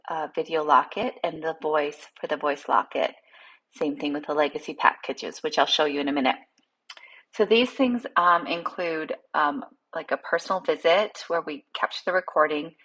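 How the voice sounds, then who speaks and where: A woman with a low voice and a slightly husky, breathy tone walks through a set of products. She talks informally, with plenty of fillers and small restarts. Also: sharp tone, low-quality recording. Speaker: product presenter. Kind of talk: casual product walkthrough.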